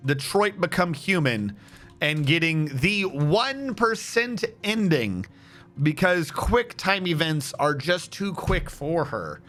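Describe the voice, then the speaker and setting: A man's voice: a little high, fairly bright tone. A man streaming a game, chatting casually and telling a joking story with frequent laughter. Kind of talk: casual gaming stream chat.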